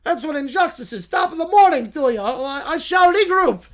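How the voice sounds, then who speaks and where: A man's voice: extremely high pitch, animated, fairly quick, voice pushed up. A man voicing a whiny, complaining man with a put-on, mock Irish brogue while reading a story aloud. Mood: whiny, indignant. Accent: fake Irish.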